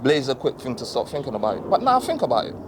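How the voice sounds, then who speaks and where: A man's voice: medium pitch, wildly swooping pitch, racing, noisy background. A man talking in a reflective, earnest way, telling loose stories in a casual chat.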